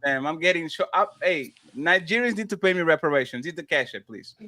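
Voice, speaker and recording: Guy hosting a panel stream, high bright voice bouncing all over, reads chat out loud dramatically, dry sound. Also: a little fast, dry recording. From Portugal. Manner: animated, laughing, exaggerated readings of comments. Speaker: panel show host. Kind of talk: casual chat, reading super chats.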